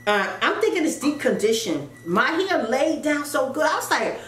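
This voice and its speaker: Animated middle-aged woman telling a story. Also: sits high, normal speed. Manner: animated storyteller who acts out voices, folksy asides like "child" and "y'all". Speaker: vlogger. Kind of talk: casual storytelling chat. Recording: echoey room with faint ambient noise.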